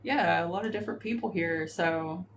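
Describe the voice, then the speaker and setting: A woman's voice: fairly low pitch, normal speed. A woman hosting a live stream, talking with callers in a chatty way and laughing often. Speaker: host.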